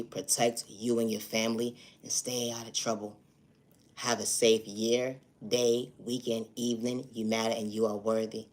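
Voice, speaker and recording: A man's voice: mid-range voice, darkish tone. Earnest man repeating his motivational refrains. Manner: repeats set phrases, earnest and insistent. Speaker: self-made video creator. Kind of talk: motivational monologue to camera.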